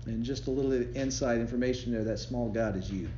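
A man's voice: mid-range voice, brisk, warm tone, a little hiss or hum. A man giving a conversational devotion sermon, telling stories and laughing along the way. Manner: conversational, storytelling preaching with laughs. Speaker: devotion speaker. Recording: roomy, slightly dull recording with faint ambience.

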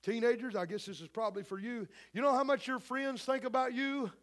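A man preaching a sermon with passion, swinging from hushed tones to shouting, repeating himself and using many "uh" fillers. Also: extremely high pitch, fairly even intonation, fairly quick. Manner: repetitive, with frequent "uh" fillers.

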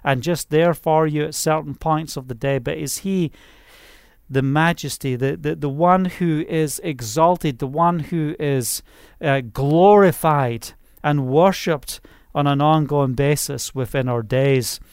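A man's voice: a little high, measured pace, a little mellow, smooth, no room sound, clean studio sound. A man preaching an informal online sermon, rambling and conversational, with many fillers and restarts.

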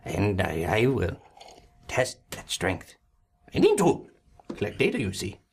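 A game master voicing a self-important, eccentric male taskmaster who speaks slowly and theatrically in a table game. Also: deep voice, wildly swooping pitch, slightly rough, voice pushed down, full character voice. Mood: scheming. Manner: slow, drawn-out, self-important.

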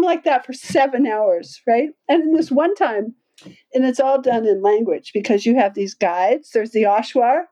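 A woman guest on a podcast, telling a long travel story in lively conversation, laughing often and acting out quoted voices. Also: normal speed, poor audio. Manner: animated, acts out quoted voices with big pitch jumps; laughs often while talking.

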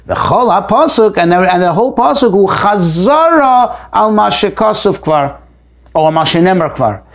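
Man, higher pitch, text study lesson, reads then explains, emphatic rises. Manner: reads a phrase aloud, then explains it in plain words; repeats words while thinking, lively rises for emphasis. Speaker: Torah teacher.

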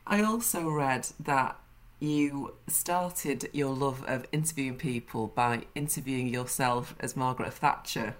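A woman's voice: a bass voice, a little slow. A woman hosting a podcast interview, asking curious questions and laughing along with her guest. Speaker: podcast host. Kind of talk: casual interview.

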